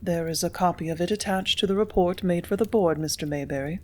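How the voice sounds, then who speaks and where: A woman's voice: lowish voice, moderate pace, natural voice. A woman reading a cool, firm young clerk. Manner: quiet, cool, tart.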